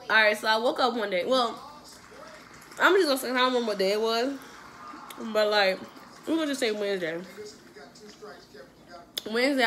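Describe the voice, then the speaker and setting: A young adult woman vlogger telling a casual storytime while eating, animated and profane, laughing often. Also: on the high side, slight background noise.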